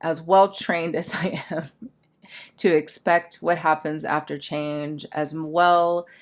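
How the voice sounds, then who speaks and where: Woman, low voice, candid and self-reflective vlog talk. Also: flat delivery, slow pace. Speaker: change management coach. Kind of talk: reflective personal vlog monologue.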